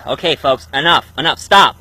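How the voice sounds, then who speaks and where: A man's voice: fairly high pitch, moderate pace, pushed and bright, no room sound, rough recording. A man hosting a comedic review, bantering in an exasperated way. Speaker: host, reviewer.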